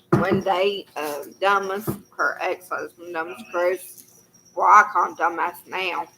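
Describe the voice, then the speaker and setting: A woman's voice: fairly low pitch, background noise. A woman telling a long personal story to the camera in a casual, folksy, rambling way, full of "you know".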